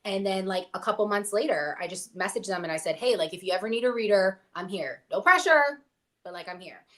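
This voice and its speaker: Young woman actor chatting loose and candid, lots of "like"s, mid pitch. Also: fast talker. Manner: candid and chatty, with many fillers. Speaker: actor guest on a review show. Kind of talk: casual chat.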